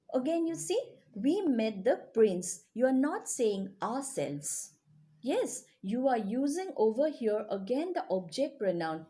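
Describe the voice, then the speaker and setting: Woman, grammar teacher, fairly high voice, animated pitch, keeps asking "got it". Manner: lively, checks understanding often. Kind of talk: grammar lesson to children.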